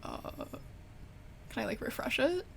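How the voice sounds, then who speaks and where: A woman's voice: fairly high pitch, huge pitch swings, measured pace, gravelly, slight background noise. Frustrated streamer woman, swearing at her computer. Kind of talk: casual game stream chat.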